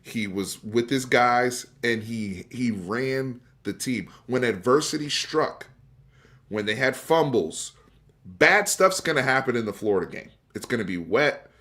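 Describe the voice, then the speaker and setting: Unhurried yet lively in intonation, this sports talk host has a medium-pitched, fairly bright voice. He runs an emphatic, conversational live-stream debate aimed right at his viewers, and he restarts and repeats words once fired up.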